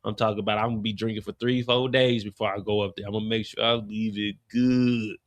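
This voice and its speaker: A man's voice: on the low side, flat delivery, quick pace, no echo, voice pushed down, lightly acted. A man playing a cocky, flirtatious male street hustler who taunts and laughs, recapping a TV show. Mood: taunting. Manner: swaggering, taunting, laughing at her.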